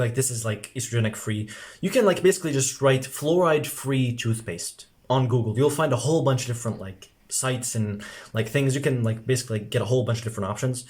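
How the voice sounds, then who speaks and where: A man's voice: mid-range voice, darkish tone. A young man talking casually to camera as a self-improvement coach, rambling with constant filler words and frequent swearing. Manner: rambling, heavy filler words, swears freely, says "bro".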